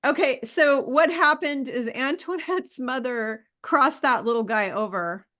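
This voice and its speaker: A woman hosting a spiritual chat, emotional and quick to jump in. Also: high-pitched, pushed and bright. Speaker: host. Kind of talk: casual chat.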